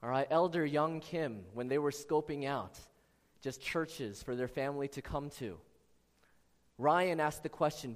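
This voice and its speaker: A man's voice: a little high, unhurried. A male pastor delivering an earnest sermon, speaking to members of his congregation by name. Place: church sanctuary. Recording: long reverb of a large church hall.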